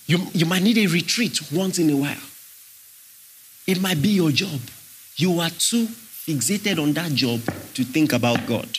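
A man's voice: on the high side, animated, a little slow, fairly bright tone, slight background noise. A man preaching a sermon, emphatic and questioning his congregation as he teaches. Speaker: pastor.

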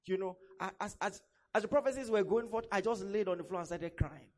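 Animated high-voiced male preacher. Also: brisk. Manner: animated storytelling, acts out quoted voices. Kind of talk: sermon.

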